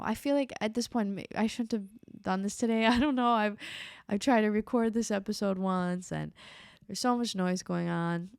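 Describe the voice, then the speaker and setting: A woman's voice: medium pitch, gravelly, darkish tone, no room sound, studio quality. A woman hosting a podcast, giving casual self-help talk in a rambling, distracted way with frequent restarts, recorded in her apartment. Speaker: podcast host.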